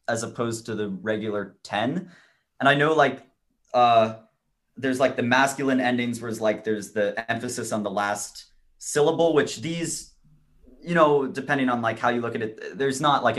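A man's voice: mid-range voice, a bit bright. A man who is a guest in a casual literary discussion, speaking hesitantly and filling his talk with "like".

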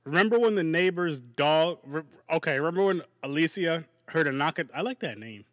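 A man hosting a podcast, chatting casually about a movie in a rambling, animated way and laughing often. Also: a little high, a little fast, dry recording. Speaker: podcast host. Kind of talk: casual movie review chat.

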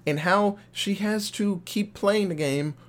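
A young man co-hosting a podcast, reviewing a horror film in casual, profane, animated chat. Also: sits high, takes it slowly. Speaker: podcast co-host.

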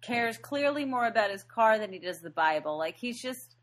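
A woman's voice: a little high, moderate pace. A woman co-hosting a podcast, chatting casually as she recaps a movie and laughs often. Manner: laughs often, animated retelling with quoted lines. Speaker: podcast co-host.

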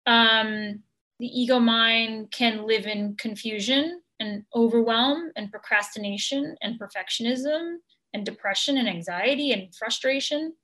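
A woman coach answering an interview question in a gentle, measured, earnest way, with many ums. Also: on the high side.

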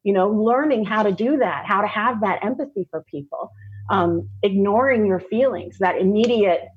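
A woman, a podcast guest telling a personal story candidly, laughing often and slowing down for emphasis. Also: mid-range voice, husky, phone-quality sound.

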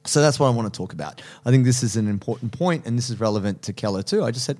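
A man's voice: medium pitch, animated, very fast, few pauses, a little mellow. A man hosting a casual podcast, talking animatedly about jiu-jitsu coaching, laughing often and swearing casually.

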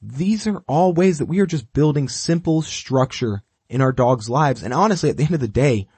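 A man with a mid-range, slightly rough voice teaches dog training in a dry recording. His instruction is direct, repetitive and step by step, and he animatedly acts out what the dog is thinking.

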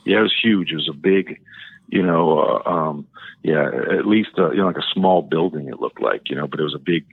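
Low-voiced man calling in over a phone line. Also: brisk, creaky, breathy edge, no echo. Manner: hesitant, rambling with many fillers and restarts. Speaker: caller. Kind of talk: telling a personal story on a call-in show.

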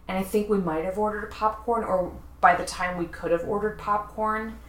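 A woman's voice: medium pitch, fairly even intonation, a little fast, a bit bright. A woman co-hosting a podcast, chatting casually and telling a story with lots of asides. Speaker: podcast co-host. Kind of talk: casual chat. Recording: roomy echo.

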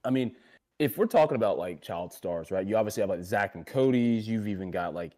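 A man's voice: fairly low pitch, expressive, a little fast, mellow. A young man co-hosting a casual panel chat, rambling with many fillers and restarts, slipping into giggles. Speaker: podcast co-host.

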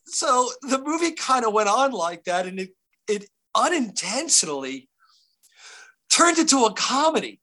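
A man's voice: extremely high pitch, very animated, unhurried, bright, forceful tone. A middle-aged man, an actor guest, telling stories in a casual interview with many restarts and fillers.

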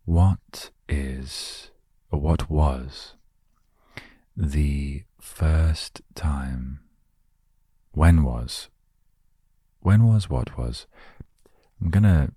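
A man with an extremely deep, dark and husky voice speaks slowly and gently into a close microphone inside his van. His rambling, self-mocking chat is meant to relax the listener. The sound is dry and intimate. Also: no echo. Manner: gentle, self-deprecating, meandering. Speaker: host of a relaxation word show. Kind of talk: soft, rambling relaxation talk. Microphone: studio microphone, close.

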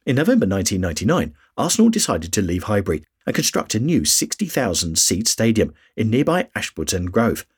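Male podcast host, scripted history narration, raspy voice, animated intonation. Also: on the low side, a little fast, hardly any pauses.

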